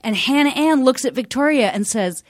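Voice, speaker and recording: A woman co-host in casual chat with a high, lively voice. She retells scenes step by step and quotes the people in them. The recording is dry and close. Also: fairly quick, dry recording.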